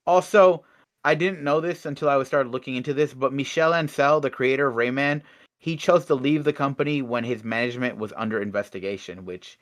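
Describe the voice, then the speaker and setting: A young man co-hosting a casual online show, reading gaming news and adding sarcastic, animated asides, his voice swinging from loud to soft. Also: medium pitch. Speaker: co-host.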